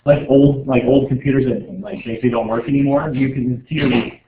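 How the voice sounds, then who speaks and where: A man's voice: mid-range voice, steady tone, brisk, slight background noise. A man teaching a chemistry class in a casual, joking way, rambling with lots of filler words. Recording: echoey room over a tinny, phone-like line.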